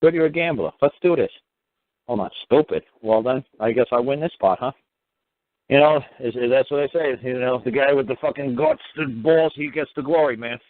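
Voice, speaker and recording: A man's voice: medium pitch, a little fast, no room sound. A man hosting a call-in show, blunt, profane and lecturing as he answers callers. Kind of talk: call-in radio talk. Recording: dry, tinny phone-line sound.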